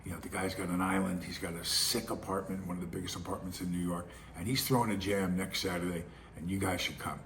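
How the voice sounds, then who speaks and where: A man's voice: low voice, steady tone, fast talker, a bit bright, a little hiss or hum. A middle-aged man, hosting his own show with casual, rambling commentary full of restarts and acted-out quotes. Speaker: podcast host.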